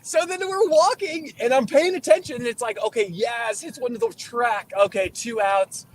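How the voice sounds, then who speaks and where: A man co-hosting a casual post-game chat, telling an excitable story with laughs along the way. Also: very high voice, moderate pace. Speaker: show co-host.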